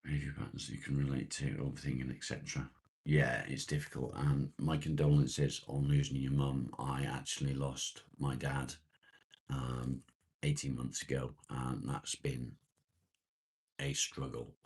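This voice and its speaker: A man hosting a casual morning live chat, greeting viewers by name and answering their comments in an unhurried, rambling way. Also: extremely low pitch, flat delivery, darkish tone, slightly rough. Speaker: live-stream host reading viewer comments.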